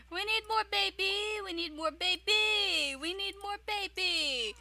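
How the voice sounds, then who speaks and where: A woman's voice: very high-pitched, slow, gravelly, pushed and bright. A young woman giving casual, giggly commentary on her own video game playthrough, often chanting silly catchphrases. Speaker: gaming YouTuber. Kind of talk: casual let's-play commentary.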